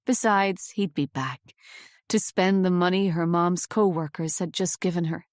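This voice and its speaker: A woman reading a novel aloud as an audiobook narrator, in a measured, even storytelling manner on a close studio mic. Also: on the low side, no echo.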